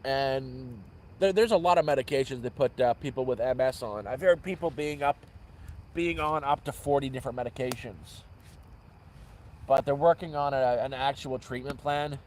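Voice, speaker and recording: Poor audio carries a mid-range, darkish male voice at normal speed. He's casually livestreaming from an outdoor camp after dark, spinning rambling tales and correcting himself mid-sentence as he goes.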